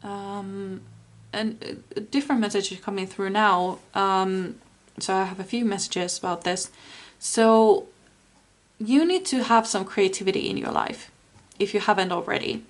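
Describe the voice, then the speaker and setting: A woman giving a spoken tarot reading, soft and earnest, with many fillers. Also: mid-range voice, fairly even intonation, measured pace. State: tearful, emotional. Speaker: tarot reader.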